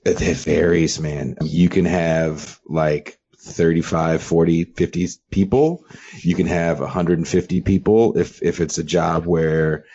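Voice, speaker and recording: Low, dark, husky guy from California, loose storyteller, dull lo-fi mic. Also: a little slow. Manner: animated, swearing, many restarts. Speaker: guest, former rig cook. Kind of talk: casual podcast storytelling.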